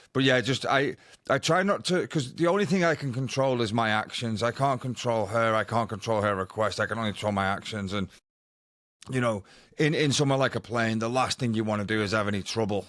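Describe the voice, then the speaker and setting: A man's voice: medium pitch, fairly quick, fairly bright tone, no room sound, studio quality. A man co-hosting a podcast, telling a rambling anecdote in casual chat. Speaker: podcast co-host.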